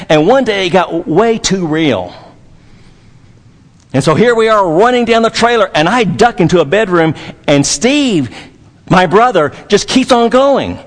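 A man's voice: high-pitched, big-room sound. A man from Dallas, Texas, preaching a sermon as pastor, emphatic and repetitive, with folksy humor.

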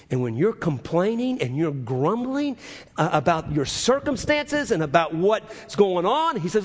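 Guy preaching in a church hall, goes quiet then loud and punchy, lots of reverb. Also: high-pitched, very animated, unhurried. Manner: swings from hushed asides to loud emphatic preaching. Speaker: pastor. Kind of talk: sermon.

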